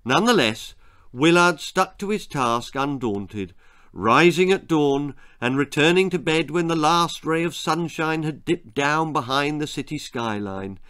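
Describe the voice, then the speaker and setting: A man's voice: fairly high pitch, animated, unhurried, fairly bright tone, smooth. A man reading his own children's story aloud in a relishing, theatrical manner.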